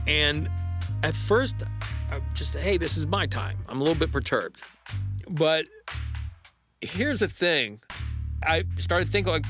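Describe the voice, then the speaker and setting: A man's voice: fairly high pitch, expressive, sharp tone. Storyteller: middle-aged man, wry and conversational, faint music under him. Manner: wry, conversational, halting with fillers. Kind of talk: personal storytelling.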